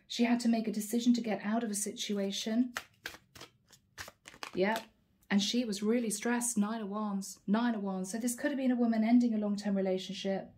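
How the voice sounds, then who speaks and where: A woman's voice: mid-range voice, steady tone, moderate pace, darkish tone. A woman giving a channeled tarot reading, musing aloud and naming each card in short bursts. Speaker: tarot reader.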